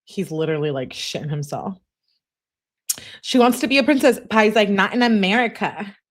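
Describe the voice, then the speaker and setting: A woman's voice: medium pitch, sing-song, moderate pace. Sarcastic, blunt woman reacting casually. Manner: blunt, sarcastic, slangy asides. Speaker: true-crime commentator. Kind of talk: casual reaction commentary, reading texts aloud.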